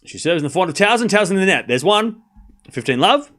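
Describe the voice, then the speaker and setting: A high, bright-voiced man streams live tennis commentary, calling out the score and chatting with his viewers. His voice swings widely in pitch, and he gets excitable and loud at the big points. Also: fast.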